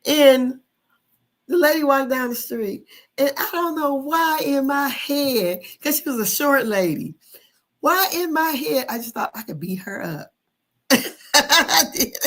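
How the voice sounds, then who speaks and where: A woman's voice: on the high side, fairly bright tone. A woman in her fifties, a podcast host telling a childhood story in casual chat, laughing often and swearing freely.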